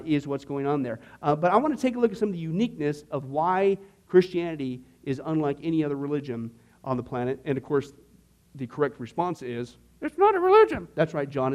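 A man's voice: on the high side, darkish tone. Emphatic man teaching a church class. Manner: emphatic, conversational, acts out skeptics' questions.

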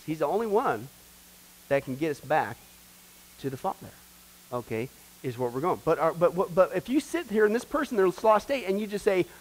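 Male church class teacher, high-pitched, conversational preaching style, keeps checking in with the group. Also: rough recording. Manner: conversational, asks the class rhetorical questions. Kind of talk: sermon-style Bible lesson.

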